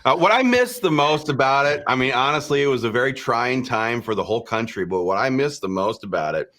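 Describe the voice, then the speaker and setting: A man's voice: medium pitch, expressive, fairly quick, pushed and bright. Brash, mocking male podcast co-host. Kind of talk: opinionated political talk.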